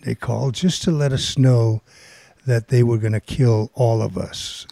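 An older man telling a long anecdote casually, rambling and animated, acting out the people he quotes. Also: mid-range voice, unhurried, gravelly, no echo. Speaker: guest storyteller.

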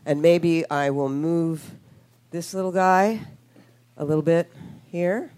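A woman's voice: fairly low pitch, steady tone, slow pace, warm tone, slight background noise. A woman hosting a radio talk show as a sex therapist, bubbly and joking with callers and co-hosts.

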